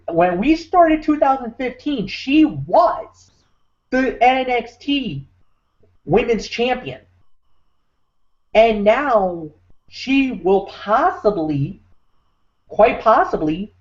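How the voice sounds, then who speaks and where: A man's voice: extremely high pitch, sing-song, takes it slowly, pauses often. A man hosting a wrestling recap show, talking with emphatic, preacher-like force. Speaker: podcast host. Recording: muffled lo-fi audio.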